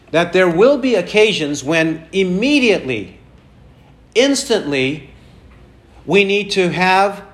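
A man preaching a sermon, asking the congregation questions and repeating key phrases for emphasis. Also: high voice. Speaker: pastor.

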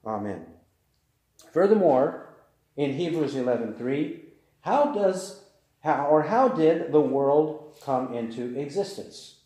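Preacher in a very echoey hall. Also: male voice, on the high side, animated, slow, long pauses, warm tone. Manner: emphatic, repeats key phrases. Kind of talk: sermon.

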